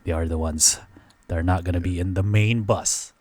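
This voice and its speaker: A man's voice: low voice, normal speed, no room sound. A man hosting a podcast, recapping events in casual chat, full of "like" and "dude". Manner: lively storytelling full of "like" and "dude". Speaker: podcast host.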